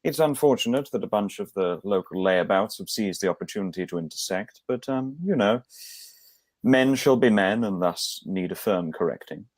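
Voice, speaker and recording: A man voicing a stolid, staunch, matronly older woman who leads suffrage campaigners, in a brisk and commanding manner. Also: on the low side, lively intonation, no room sound. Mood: stern.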